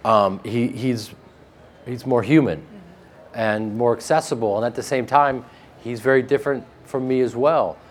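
A man with a flat Midwestern American accent, a guest actor telling joking stories in a casual interview. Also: medium pitch, moderate pace, slight background noise. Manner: joking, animated storytelling with laughs.

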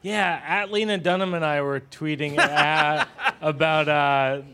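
A man's voice: on the high side, steady tone, unhurried, bright, forceful tone. A man moderating an audience Q&A, joking and upbeat. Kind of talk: hosting an audience Q&A.

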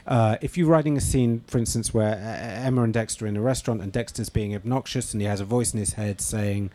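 Hesitant low-voiced man, mellow tone. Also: fairly even intonation, quick pace. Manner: thoughtful, hesitant with many fillers and restarts. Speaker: novelist and screenwriter. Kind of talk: interview answers.

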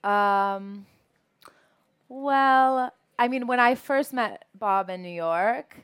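A young woman, an actress, telling animated stories in an interview and laughing often. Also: a little high, extremely slow, smooth. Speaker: actress and guest. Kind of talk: anecdotal interview chat.

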